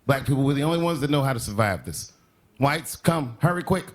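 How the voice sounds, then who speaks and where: A male stand-up comedian doing a monologue. He swings between deadpan and sharp outbursts. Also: mid-range voice, a little fast, noisy background. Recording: TV broadcast with live audience laughter. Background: studio audience laughing.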